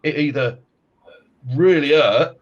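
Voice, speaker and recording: A middle-aged man hosting a podcast, chatting casually and telling animated stories with frequent laughs. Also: fairly high pitch, takes it slowly, muffled recording. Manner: animated storyteller, laughs often. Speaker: podcast host, martial arts coach. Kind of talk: casual chat.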